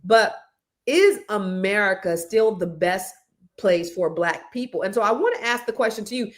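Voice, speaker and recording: A Californian woman hosting a panel talk show in a lively, chatty way. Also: mid-range voice, moderate pace. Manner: lively, chatty, playful with the guests. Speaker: panel host.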